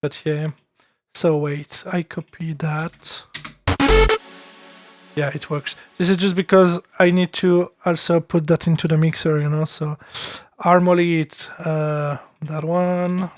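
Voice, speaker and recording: A man's voice: on the high side, flat delivery, slow, no echo. A man with a French accent talking casually on a live stream as he produces music, thinking aloud with many fillers and restarts.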